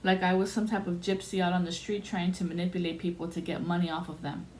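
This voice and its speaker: A woman's voice: on the low side, fast talker. Blunt woman telling a story. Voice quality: blunt, animated, acts out quoted voices. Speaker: podcast host telling a story. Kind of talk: casual storytelling monologue. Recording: faint background noise.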